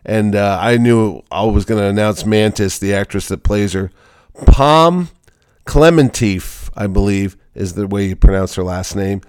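A man's voice: fairly low pitch, little pitch movement, darkish tone, smooth, no room sound. A man hosting a casual podcast, chatting about a movie he saw. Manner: chatty, talks quickly with restarts. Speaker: podcast host, convention organizer.

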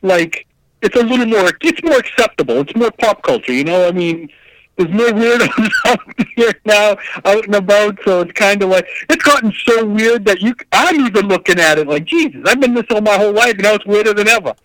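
A man in casual chat, lively and quick to laugh. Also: high voice, no echo, low-quality recording.

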